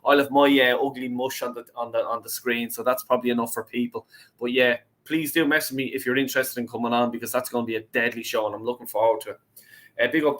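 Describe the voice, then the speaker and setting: A man's voice: medium pitch, fairly bright tone. Irish man, young, casual live-stream host, sweary chat. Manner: swears a lot, reads out chat messages. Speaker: host of a fan call-in show.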